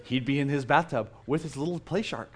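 A middle-aged man preaching a sermon as a pastor, telling stories in an animated, self-mocking way. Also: mid-range voice, fast.

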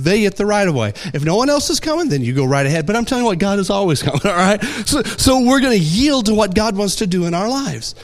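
A man preaching a sermon, telling stories with animated delivery and acting out voices. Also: a little high. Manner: animated storytelling, acts out voices. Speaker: pastor.

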